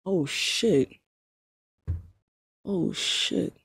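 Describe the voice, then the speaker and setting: A woman's voice: lowish voice, animated, very slow, creaky, a bit bright, husky, no echo. A young woman chatting casually to her livestream chat, slangy and swearing, often laughing in disbelief. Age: young adult. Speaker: streamer.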